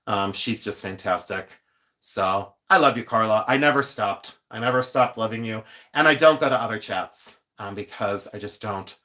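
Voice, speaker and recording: A man's voice: mid-range voice, bright, forceful tone. A man in his fifties hosting a live stream, telling stories in a chatty, joking way. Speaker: host. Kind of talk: casual live-stream chat.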